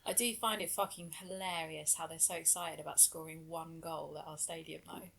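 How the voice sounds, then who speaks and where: A woman with a fairly low voice chatting on a podcast. She makes dry, teasing remarks to the other hosts. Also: flat delivery, brisk, vocal fry, fairly bright tone. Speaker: podcast co-host. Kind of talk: casual chat.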